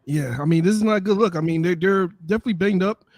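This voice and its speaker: A loud, joking American man co-hosting a football podcast, swearing freely. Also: high-pitched, fast talker, no room sound. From United States. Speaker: podcast co-host. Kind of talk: sports podcast chat.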